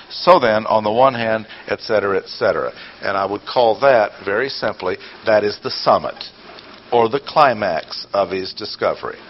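An older man giving a teaching sermon. He fires off rhetorical questions, bursts into emphasis and drops dry, sarcastic asides. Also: fairly low pitch. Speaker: preacher or Bible teacher. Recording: dull lo-fi audio with faint noise.

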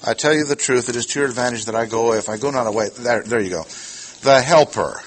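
A man teaching a sermon verse by verse, slow and deliberate, repeating his key words. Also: medium pitch, a little hiss or hum. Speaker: preacher. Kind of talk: expository Bible teaching.

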